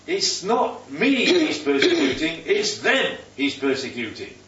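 A man's voice: fairly high pitch, wildly swooping pitch, unhurried, a bit bright. A man leading a Bible study, teaching and quizzing the group with questions. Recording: roomy, distant, dull sound.

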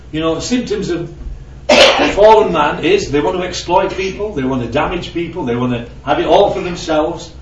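A man with a slightly high voice preaches a sermon in a relaxed, chatty way, checking in with listeners, asking them questions and telling little anecdotes. His voice carries through a roomy hall, and the distant, dull recording has faint ambience plus a little hiss or hum.

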